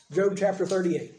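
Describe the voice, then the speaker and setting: A man's voice: high voice, mellow, echoey room, a little hiss or hum. A man preaching a conversational sermon, acting out quoted dialogue as he talks. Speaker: pastor.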